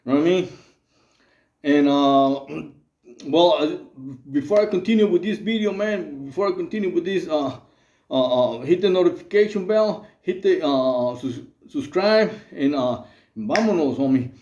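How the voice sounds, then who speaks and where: A man's voice: a little high, lively intonation, a little slow, a little mellow, roomy sound. A man hosting his channel, talking in a loose, rambling, streetwise way full of fillers. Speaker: channel host. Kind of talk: casual monologue to camera.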